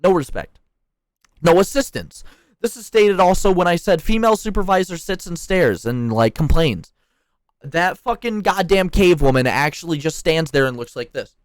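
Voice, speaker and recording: A man's voice: fairly high pitch, expressive, moderate pace, no room sound. A young man worker ranting heatedly about management, swearing often and turning sarcastic. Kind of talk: angry ranting monologue.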